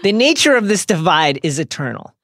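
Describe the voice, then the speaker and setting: A man's voice: high-pitched, big pitch swings, a little fast, a bit bright, no echo, clean studio sound. A man co-hosting a podcast, narrating a scripted recap with reflective commentary and wry humor. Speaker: podcast co-host.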